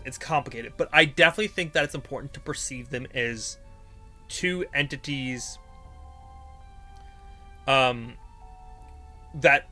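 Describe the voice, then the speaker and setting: Male streamer, casual and chatty, bright tone, talks in loose filler-laden bursts. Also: medium pitch. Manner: rambling and filler-heavy, thinking aloud. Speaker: streamer giving character-writing advice. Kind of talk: casual live-stream chat.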